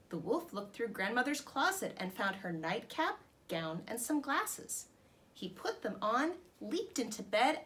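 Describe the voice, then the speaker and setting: Storytime host: woman reading a children's book aloud, lively and expressive, fairly high voice. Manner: expressive and animated. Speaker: storytime host dressed as a princess.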